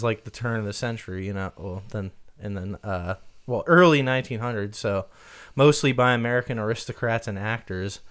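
A man's voice: medium pitch, a bit bright. Rambling, laughing male podcast co-host. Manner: rambling, lots of fillers, laughs often. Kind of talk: casual chat.

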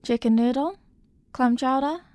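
A woman voicing a clingy, possessive young girlfriend in a whispered role-play, soft and doting. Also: high-pitched, measured pace, dry recording.

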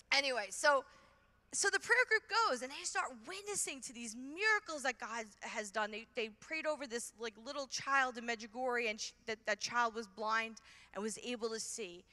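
A middle-aged woman from Brooklyn with a New York accent, giving an animated testimony talk at a conference and acting out her own reactions. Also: high voice, normal speed. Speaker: conference speaker. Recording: hall reverb from a large venue.

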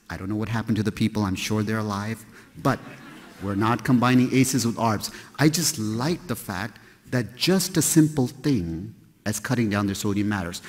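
A man who is a kidney doctor giving a conversational lecture to a live audience, joking and firing rhetorical questions at them. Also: on the low side. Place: large hall with an audience. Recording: long hall reverb from a lecture room.

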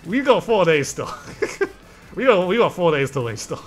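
A man's voice: high-pitched, big pitch swings, normal speed, faint music behind. A young man streaming a video game, chatting casually, reading and answering chat and laughing often.

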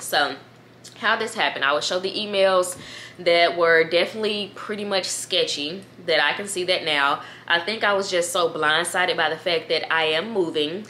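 A young woman in her twenties talking casually to camera as a YouTuber, chatty and animated, reading emails aloud and calling her viewers "girl.". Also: on the low side, slight background noise. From United States. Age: 20s. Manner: reads emails aloud, trails off with "da, da, da".

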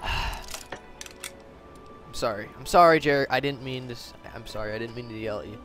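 A young man commenting on a video game into a headset mic at home, excitable and profane, sometimes bursting into yells. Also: medium pitch, moderate pace, soft background music. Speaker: gaming commentator. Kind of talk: let's play commentary.

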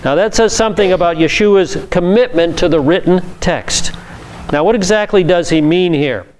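A man's voice: sits high, normal speed, slight background noise. A man, a pastor, giving a methodical Bible teaching session from slides and repeating key words for emphasis.

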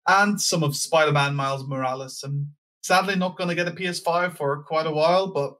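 Man, podcast co-host, casual chat, fairly high voice, relaxed joking manner. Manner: easygoing, joking, quick laughs.

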